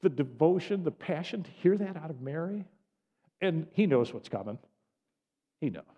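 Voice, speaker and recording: A man delivering a sermon in an animated, conversational storytelling way with frequent asides. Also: on the high side, moderate pace, slightly rough. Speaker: preacher. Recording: dull lo-fi audio with long hall reverb.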